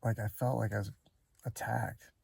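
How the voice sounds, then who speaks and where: A man's voice: fairly low pitch, steady tone, normal speed, gravelly, a little mellow, husky, dry recording. A man vlogging from inside his van, rambling and hesitant as he regretfully retells a night's events in casual talk. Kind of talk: casual spoken recollection.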